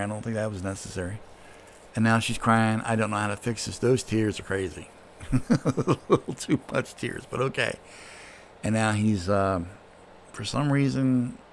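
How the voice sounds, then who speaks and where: A man's voice: on the low side, vocal fry, a little hiss or hum. Offhand man critiquing comic pages. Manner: offhand, critical, many fillers. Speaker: comic book reviewer. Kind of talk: casual read-through commentary.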